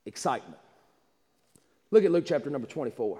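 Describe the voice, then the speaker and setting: A man preaches with fervent, repetitive insistence, often stumbling and restarting his phrases. His voice sits high for a man. It rings with a long reverb from a small church. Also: moderate pace. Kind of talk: livestreamed Easter sermon.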